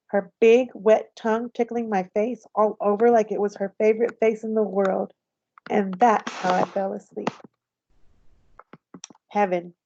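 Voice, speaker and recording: A woman teacher reading a novel aloud to her class in a gentle, unhurried storytelling manner. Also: mid-range voice, no room sound. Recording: slightly dull, dry recording.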